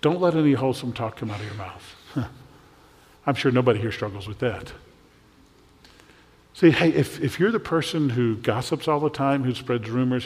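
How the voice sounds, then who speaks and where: A man preaching a sermon as pastor, conversational and asking his congregation questions. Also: medium pitch. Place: church. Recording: long hall reverb.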